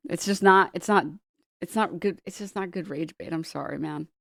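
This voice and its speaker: A woman's voice: on the low side, moderate pace, gravelly, no room sound, studio quality. A woman streamer chatting casually, reading posts aloud and swearing a lot as she laughs.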